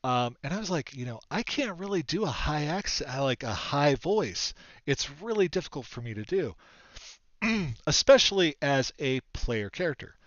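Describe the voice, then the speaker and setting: A man's voice: fairly high pitch, big pitch swings, normal speed, fairly bright tone, no room sound, lo-fi sound. A man hosting a casual talk show, rambling with many fillers and easy laughter. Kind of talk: casual chat.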